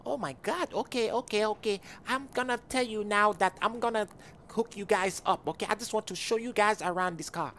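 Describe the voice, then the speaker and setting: Loud gravelly man roleplaying a car seller. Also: high-pitched, fairly quick, a little hiss or hum. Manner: loud, argumentative street slang. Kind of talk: comedic game roleplay.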